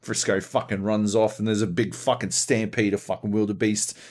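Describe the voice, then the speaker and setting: A man co-hosting a casual gaming podcast, telling profane, animated stories about multiplayer sessions. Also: lowish voice, brisk. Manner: profane, animated storytelling with lively put-on voices. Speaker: podcast co-host.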